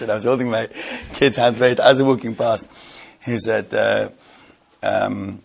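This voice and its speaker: A man's voice: fairly low pitch, little pitch movement, normal speed, vocal fry, slightly rough. A man from the London area telling a rambling, amused anecdote to friends. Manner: rambling, amused, often breaking into laughter. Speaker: storyteller. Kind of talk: casual anecdote told to friends.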